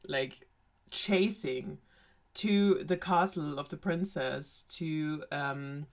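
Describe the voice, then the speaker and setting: A young woman retells an old fairy tale in a loose, sarcastic chat. She swears freely and laughs often, and her voice sits a little low. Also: drawn-out words. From Germany. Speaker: storyteller host.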